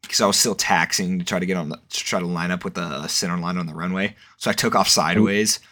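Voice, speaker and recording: Low, bright-voiced young man rambling. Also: steady tone, quick pace. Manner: rambling, profane, lots of fillers. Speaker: podcast co-host. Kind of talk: casual chat.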